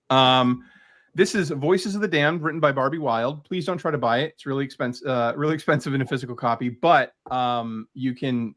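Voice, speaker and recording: Regular guy gushing about his collection, lots of ums and restarts, mid pitch. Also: fairly bright tone. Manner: enthusiastic, rambling with fillers. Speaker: guest comic creator showing his collection. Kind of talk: casual video chat.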